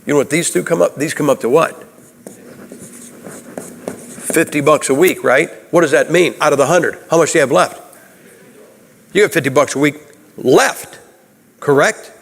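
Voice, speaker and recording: A Baptist preacher man delivers a homespun sermon, peppering it with questions to the congregation. His voice sits a little high for a man. The sound rings with the long reverb of a church sanctuary. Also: fairly quick, creaky, slight background noise. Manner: folksy, conversational, asks the audience questions.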